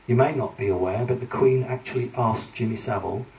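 A man's voice: medium pitch, fairly quick, a little mellow. A man giving a public talk with slides, earnest and emphatic as he warns his audience. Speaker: lecturer addressing an audience. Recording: echoey hall, distant mic, faint ambience.

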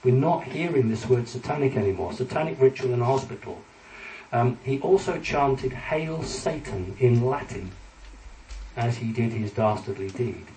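Expressive and mellow at a normal speed and medium pitch, a man lectures an audience with slides, sounding earnest and emphatic as he warns them. Slight background noise, faint ambience and the echo of a hall come through the distant mic.

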